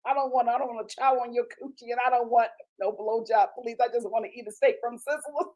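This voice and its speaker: A woman's voice: on the high side, steady tone, fast talker, a little mellow, pitched below the performer's own voice, natural voice, poor audio. A woman quoting a mild ex-con who only wants a steak. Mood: pleading. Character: mild male ex-prisoner refusing advances.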